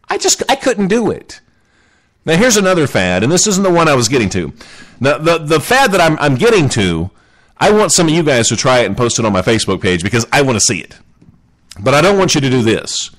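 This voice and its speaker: A man's voice: mid-range voice, sing-song, fast talker, a bit bright. A man hosting a comedic show, rambling jokily through odd news stories and asking his listeners questions. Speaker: radio show host.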